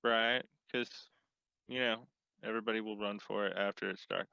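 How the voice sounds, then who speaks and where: Bright-voiced man playing a tabletop game. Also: on the low side, fairly even intonation, normal speed, vocal fry, clear, resonant tone, no room sound, lo-fi sound. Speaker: player. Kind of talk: casual tabletop play.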